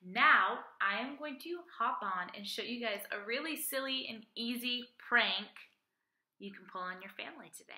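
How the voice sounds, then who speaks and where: A woman's voice: fairly high pitch, moderate pace, sharp tone. A young woman teacher reading a picture book aloud to children in an upbeat, friendly way. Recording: echoey room.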